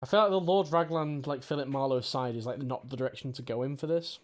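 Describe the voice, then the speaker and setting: Relaxed man reading a detective game. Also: medium pitch, fast talker. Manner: relaxed, jokey. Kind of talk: casual chat and reading aloud.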